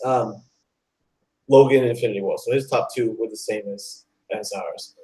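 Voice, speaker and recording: A man hosting a live online talk show, chatting excitedly and rambling, with lots of "like" and "dude". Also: fairly low pitch, normal speed, low-quality recording. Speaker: host. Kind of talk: casual chat.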